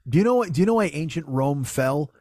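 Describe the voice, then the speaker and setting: A man's voice: a little high, animated, fast, a little mellow, no room sound, clean studio sound. Profane joking man on a podcast. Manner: sarcastic, profane, jokey rants. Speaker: podcast host. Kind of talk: casual comedic banter.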